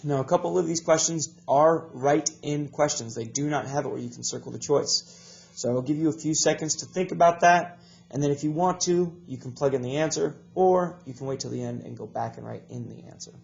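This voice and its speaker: A man's voice: on the high side, a little fast, gravelly, darkish tone. A male teacher with a stuffy nose, giving a recorded video lesson to young students in a patient, encouraging way and repeating each instruction. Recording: dull lo-fi recording.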